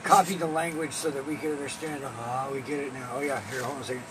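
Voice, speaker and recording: A man's voice: mid-range voice, fairly even intonation, quick pace, poor audio. Man bantering over crowd noise. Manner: joking, profane, playful banter. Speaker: podcast co-host. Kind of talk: casual chat.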